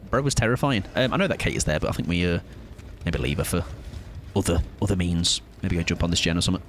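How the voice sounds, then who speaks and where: A man's voice: low-pitched, quick pace, fairly bright tone, a little hiss or hum. A man streaming a live game, chatting playfully to his viewers while he plays. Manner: chatty and playful, talks to chat while playing. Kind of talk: live gameplay commentary.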